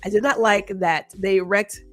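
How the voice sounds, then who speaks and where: A woman hosting a podcast, talking in a chatty, animated way and reading out viewer comments. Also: mid-range voice, measured pace, faint music behind. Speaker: podcast host. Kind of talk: casual interview chat.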